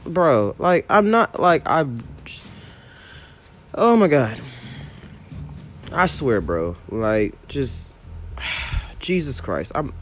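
A man's voice: medium pitch, big pitch swings, drawn-out words, long pauses, slight background noise. A young man and rideshare driver retelling a story about a passenger in an exasperated, profane, emphatic rant.

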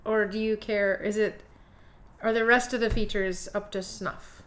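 A woman co-hosting a podcast, reacting to her friend's story with quick questions and exclamations. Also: mid-range voice, steady tone. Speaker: podcast co-host. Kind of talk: casual chat.

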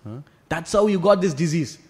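Male scripture teacher, fairly high voice, lively storyteller with loose fillers. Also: normal speed. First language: Tamil. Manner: animated retelling with frequent "you know" fillers. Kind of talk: devotional storytelling class.

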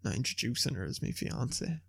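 A young man, an animated storyteller who swears freely in casual chat. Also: mid-range voice, a little fast, creaky, slightly rough, dry recording, clean studio sound. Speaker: podcast co-host.

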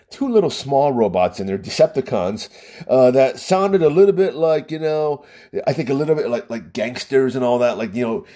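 A man's voice: mid-range voice, warm tone, breathy edge. A man telling a rambling story in a casual monologue, often repeating words and restarting.

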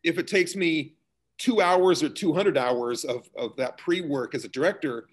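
A middle-aged man, a school theater director, explaining his work in a relaxed interview, talking conversationally with fillers and restarts. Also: fairly high pitch, normal speed, breathy edge.

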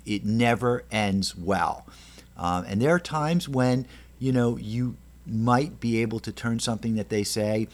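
A man lecturing on courtroom cross-examination in a measured way, with frequent ums and restarts. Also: on the low side. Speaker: lecturer on trial advocacy. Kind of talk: recorded lecture presentation.

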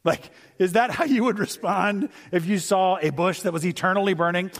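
Middle-aged man, guest pastor, relaxed storytelling sermon, voice sits on the high side. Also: moderate pace. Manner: conversational and storytelling, acts out voices for humor. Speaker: guest speaker.

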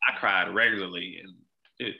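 A man's voice: low-pitched, steady tone, normal speed, gravelly, highs cut off. A young man, a podcast guest, telling a personal story in a casual, rambling, earnest way, with a lot of "like". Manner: rambling, heavy use of "like", earnest.

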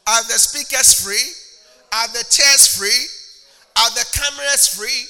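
A man's voice: very high-pitched, measured pace, bright, forceful tone, in a large hall. A man preaching a sermon as a pastor, using a prop and mocking impressions of churchgoers.

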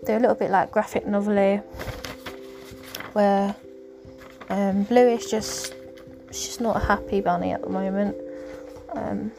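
A woman speaks in a loose, rambling podcast monologue about her faith, often pausing with fillers as she gathers her thoughts. Her voice sits at an ordinary middle pitch. Music plays clearly underneath throughout. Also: steady tone. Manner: rambling, hesitant with many ums. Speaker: podcast host.

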